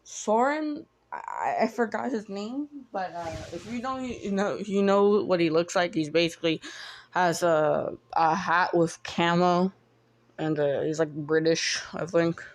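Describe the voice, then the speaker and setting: A woman's voice: on the low side, unhurried. A woman casually retelling a fan story, rambling and stumbling over her words with lots of restarts and some offhand swearing.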